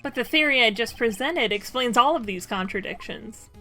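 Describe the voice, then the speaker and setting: A woman's voice: on the high side, expressive, normal speed, over music. A young woman streamer chatting and laughing playfully while reading game lines aloud. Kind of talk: casual chat while playing a game.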